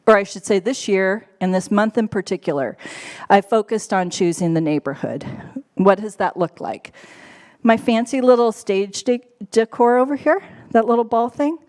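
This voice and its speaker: With a slightly mellow, mid-range voice, a church staff member gives a chatty, playful sermon before a live congregation. She keeps things casual and laughs frequently.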